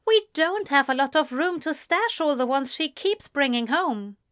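A woman's voice: sits high, lively intonation, a little slow, fairly bright tone, pitched above the performer's own voice. A woman reading an audiobook, voicing a fussy, dry-witted male teacher with a prim, teasing manner. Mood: wry teasing.

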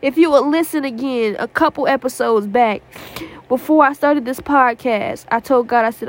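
A woman's voice: high voice, normal speed, slight background noise. A woman hosting a podcast, praying and exhorting fervently from her prayer closet, repeating herself as she pleads. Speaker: podcast host. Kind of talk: impassioned spoken prayer and exhortation.

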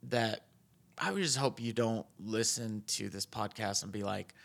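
A man hosting a podcast, rambling and ranting in a casual monologue, his voice shooting up high when he gets exasperated. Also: animated, moderate pace, vocal fry, a bit bright. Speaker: podcast host.

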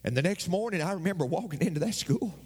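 A male pastor preaching a sermon, his voice climbing high toward near shouts. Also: expressive, fast talker, slightly rough. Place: church. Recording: long reverb of a church hall.

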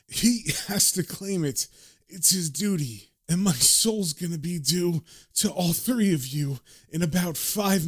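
A man voicing a cocky, dying con man who mocks demons in a slow, swaggering drawl, as part of a comic book reading. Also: a little high. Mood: threatening.

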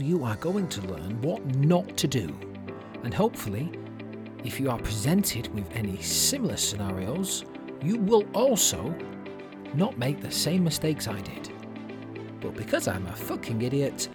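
A man spinning a yarn on his solo podcast, cursing freely and poking fun at himself. His voice sits at an ordinary middle pitch, and the sound is dry and close with no room around it. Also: slightly rough, dry recording. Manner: sweary, self-mocking and chatty. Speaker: podcast host. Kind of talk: casual solo storytelling.

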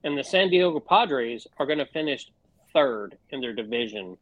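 A man rants on a casual sports podcast, cursing freely and getting fired up. His voice sits at an ordinary pitch and is recorded on a dry, close mic with no room sound. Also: animated, normal speed, no echo, phone-quality sound. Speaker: podcast co-host.

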